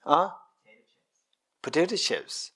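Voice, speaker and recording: Middle-aged man, Buddhist retreat teacher, a bit high-voiced, repetitive and questioning. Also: slow pace, breathy edge. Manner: repetitive, questioning the audience, animated with gestures. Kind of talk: dharma teaching to a retreat audience. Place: meditation centre hall.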